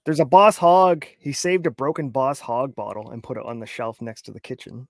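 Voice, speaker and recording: A man's voice: mid-range voice, animated, moderate pace, no echo, clean studio sound. A man co-hosting a casual chat, arguing his point and cracking crude jokes. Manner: argumentative, crude joking. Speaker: co-host.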